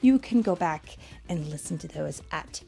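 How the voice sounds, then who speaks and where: A woman reading a children's story aloud, talking warmly and directly to her young listeners. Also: sits low, normal speed, creaky. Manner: warm, animated, talks to listeners directly.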